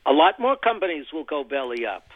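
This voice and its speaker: A man with a slightly high voice, heard over a tinny, phone-like line in a dry, close sound. He explains at length and keeps restarting and repeating words as he thinks. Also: big pitch swings, brisk, dry recording. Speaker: interview guest, energy commentator. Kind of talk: phone-in radio interview.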